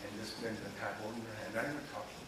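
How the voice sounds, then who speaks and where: A man of around 60 from Los Angeles, an author telling candid personal stories in an interview, animated and confiding and often checking that the listener follows. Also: on the low side, rapid-fire. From Los Angeles, USA. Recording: echoey room, distant mic, noisy ambience.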